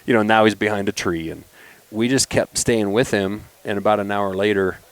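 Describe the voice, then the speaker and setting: Lower-pitched man telling stories casually. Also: moderate pace, smooth, no echo. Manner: animated, acts out quoted voices when telling stories. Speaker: knife company founder, podcast guest. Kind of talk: casual storytelling chat.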